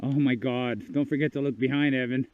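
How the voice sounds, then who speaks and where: A man's voice: medium pitch, fairly even intonation, brisk. A man in his fifties narrating a hiking vlog outdoors on a mountain trail, awestruck, exclaiming often and talking straight to his viewers. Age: 50s. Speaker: hiking vlogger. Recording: tinny, thin sound with loud wind noise.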